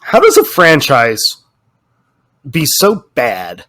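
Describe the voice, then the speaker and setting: A man co-hosting a casual podcast, talking in an animated, ranting way and swearing freely. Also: mid-range voice, slow pace. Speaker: podcast co-host.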